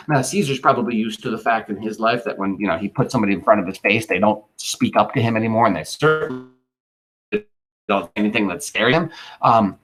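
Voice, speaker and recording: A man's voice: lowish voice, fast talker, fairly bright tone. A male teacher explaining a classic play in a casual, slangy way. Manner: informal and chatty, using slang asides.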